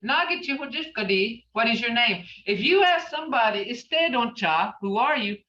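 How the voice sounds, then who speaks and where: A woman's voice: a little high, lively intonation, moderate pace, pushed and bright, far from the mic. A woman teaching a language class, patiently repeating phrases as she explains them. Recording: muffled, roomy, from off mic.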